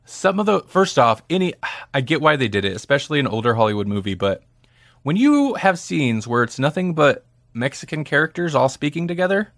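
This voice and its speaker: A man's voice: a little high, fairly quick, no room sound, studio quality. A man co-hosting a podcast, chatting casually and animatedly about films. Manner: chatty, animated, laughs often. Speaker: podcast co-host. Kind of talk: casual movie review chat.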